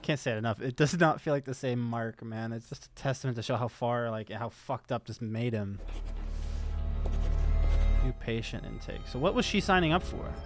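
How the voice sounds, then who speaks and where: A young man reacting to a TV episode, gushing, swearing and thinking out loud in casual chat. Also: mid-range voice, brisk, hardly any pauses, music in the background. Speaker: reaction streamer.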